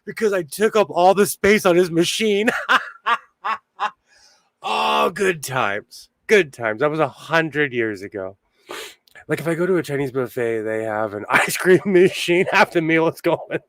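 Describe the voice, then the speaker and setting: A man's voice: a little high, a bit bright, dry recording, studio quality. A middle-aged man hosting a sewing livestream, chatting casually with viewers, laughing often and answering their comments. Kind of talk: casual live-stream chat.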